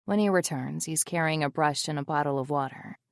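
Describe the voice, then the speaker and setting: Gravelly low-voiced woman narrating romance. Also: a little fast, dry recording, studio quality. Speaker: audiobook narrator. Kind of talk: first-person romance audiobook narration.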